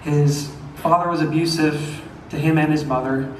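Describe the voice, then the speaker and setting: A man's voice: on the high side, steady tone, moderate pace, a little hiss or hum. A young man with a slight Southern twang, a singer chatting between songs at a concert, rambling with lots of fillers. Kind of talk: concert stage talk. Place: concert venue. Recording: echoey venue from far off.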